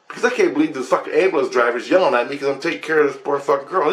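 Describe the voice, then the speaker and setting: A man's voice: a little high, very fast, hardly any pauses. A man telling a rambling story about his dreams, profane and agitated. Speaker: vlogger.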